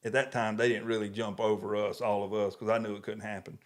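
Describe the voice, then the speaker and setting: A man's voice: fairly low pitch, level tone, fast. Man, Southern US accent, casual storytelling, laughs often, co-host. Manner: storytelling, laughs often, self-described country boy. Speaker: podcast co-host. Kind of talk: casual chat.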